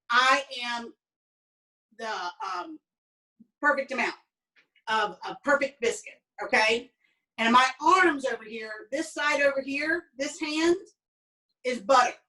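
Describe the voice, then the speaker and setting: Bright and forceful, her high voice carries through a cooking class where she tells family stories. This Southern American instructor talks in a homey, chatty style with lots of fillers, and she sits a little far from the microphone.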